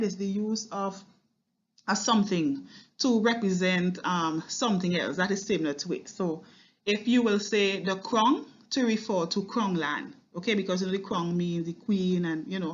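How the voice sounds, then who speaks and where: Female literature teacher, mid pitch, patient line-by-line explainer, lo-fi recording. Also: moderate pace. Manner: explains line by line, often checks in with "okay?". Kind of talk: recorded exam-prep poetry lesson.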